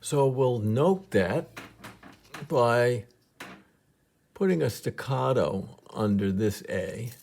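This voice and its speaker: A man's voice: medium pitch, animated, slow pace, creaky, long pauses, darkish tone. A man teaching a piano lesson step by step, patiently counting beats aloud as he demonstrates, with piano notes behind him.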